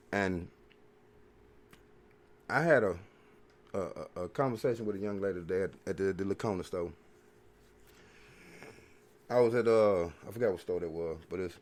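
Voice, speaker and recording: A low, slightly mellow male voice belongs to a podcast host rambling through a casual, profane, preachy monologue. He keeps repeating filler phrases.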